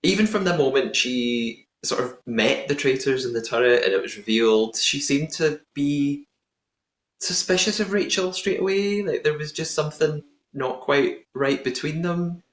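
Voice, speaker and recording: A man's voice: on the high side, animated, moderate pace, fairly bright tone. Chatty male podcast host, echoey room. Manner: chatty, laughs at own attempted accent. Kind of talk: casual recap chat.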